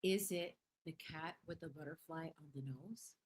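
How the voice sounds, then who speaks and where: A woman's voice: low voice, normal speed. A young adult woman hosting a casual livestream, reading viewer comments in a playful, effusive way, laughing often and dropping in Spanish phrases. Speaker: livestream host.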